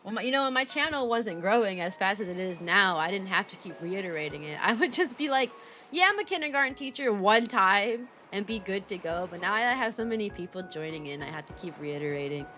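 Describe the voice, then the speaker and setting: A young woman chatting casually on a livestream, bubbly and animated, laughing often as she reads viewer messages aloud. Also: medium pitch, fairly quick, hardly any pauses, faint music behind. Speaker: VTuber streamer and kindergarten teacher.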